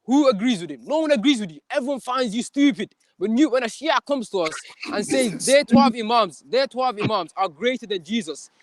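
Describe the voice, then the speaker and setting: A man's voice: high-pitched, dry recording. A young man debating hotly and combatively, in street slang, often asking "you feel me". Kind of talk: heated live debate.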